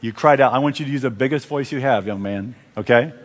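A man's voice: mid-range voice, fast talker. A man preaching a revival sermon in a large church, fervently calling out to and directing the congregation. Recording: long reverb of a large church.

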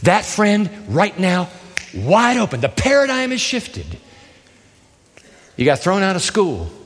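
Male pastor, theatrical sermon delivery, lively high voice, long hall reverb. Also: takes it slowly. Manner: animated, theatrical storytelling.

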